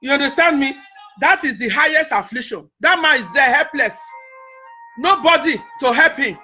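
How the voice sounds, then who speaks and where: This sermon comes from a man with a strikingly high, bright voice, delivered forcefully at normal speed with lively intonation. He is emphatic and repetitive, often starting his phrases over. Music plays behind him on a dull, lo-fi recording.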